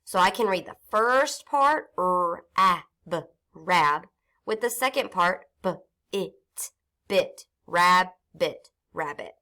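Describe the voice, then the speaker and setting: Woman teacher sounding out syllables slowly. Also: on the low side, lively intonation, pushed and bright. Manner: slow, clear sounding-out of syllables. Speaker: reading teacher. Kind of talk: phonics lesson for young children.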